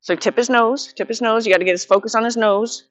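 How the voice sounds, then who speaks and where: A woman with a fairly high voice coaches a student through groundwork with a horse. She gives steady, patient directions and quick bursts of praise. The sound is dry and close, with little room echo. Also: dull audio. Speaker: horsemanship instructor.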